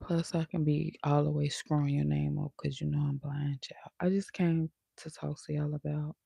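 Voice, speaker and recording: A woman's voice: low voice, flat delivery, moderate pace, vocal fry, warm tone, breathy edge, no room sound, studio quality. A woman vlogger in casual live-stream chat, talking in a chatty, sassy way with laughing asides.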